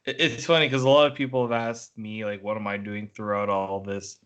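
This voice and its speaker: Casting: man, fairly low voice, rambling sports-podcast co-host. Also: little pitch movement, brisk, a bit bright, clean tone. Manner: rambling, heavy use of "like". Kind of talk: casual chat.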